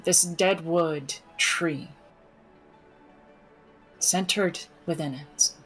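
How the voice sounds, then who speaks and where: A woman narrating as game master for a tabletop game, with measured, descriptive delivery and pauses. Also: on the low side, fairly bright tone, soft background music, poor audio.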